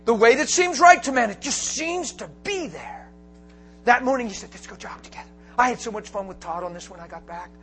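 A man preaching a storytelling sermon, animated and often laughing, breaking into shouts for emphasis. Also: extremely high pitch, a little fast, faint music behind.

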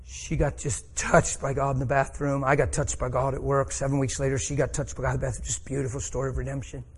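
A man's voice: mid-range voice, flat delivery, fast, slightly rough. A middle-aged man preaching a sermon, telling a personal story with rising emotion.

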